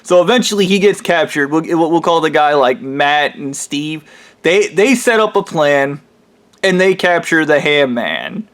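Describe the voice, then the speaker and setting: Rambling man pitching a story idea. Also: expressive, measured pace, a bit bright. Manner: rambling, laughing, frequent fillers. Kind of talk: casual improvised storytelling.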